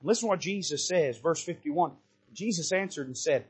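Male pastor, high husky voice, sermon from the pulpit, builds from hushed to loud and impassioned. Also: expressive, moderate pace. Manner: impassioned, swings between quiet asides and loud rising bursts. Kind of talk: fiery sermon. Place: church pulpit.

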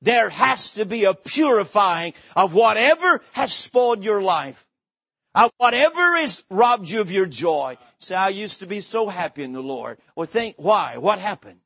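A man's voice: sits high, very animated, measured pace, creaky, bright, forceful tone, breathy edge, dry recording, muffled recording. A man preaching a sermon from a church pulpit, emphatic and repetitive, telling stories to make his point. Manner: emphatic storytelling preacher, repeats phrases. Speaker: pastor.

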